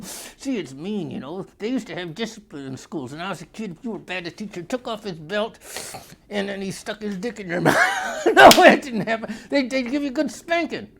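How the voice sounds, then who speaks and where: A man's voice: high voice, expressive, normal speed, a bit bright. A man hosting a comedy vlog, delivering a crude, rambling monologue that keeps slipping into put-on voices and a drawl.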